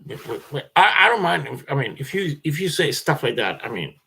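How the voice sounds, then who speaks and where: A man's voice: on the high side, big pitch swings, brisk, vocal fry, pushed and bright, slightly rough. A man telling a rambling personal story, repeating words as he restarts his sentences, swearing, and laughing now and then. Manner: repetitive restarts, agitated, swears, laughs often.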